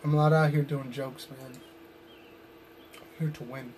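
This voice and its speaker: A man delivering a long wrestling promo as a pro wrestler, brooding and intense, with sudden loud bursts, sounding tired and drained. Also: mid-range voice, steady tone, unhurried, a little hiss or hum.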